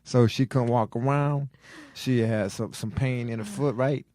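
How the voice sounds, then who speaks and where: A man's voice: mid-range voice, steady tone, a little slow, dark tone, dry recording. A man, co-hosting a comedy podcast, telling a story in a repetitive, exasperated, drawling way. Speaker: podcast co-host.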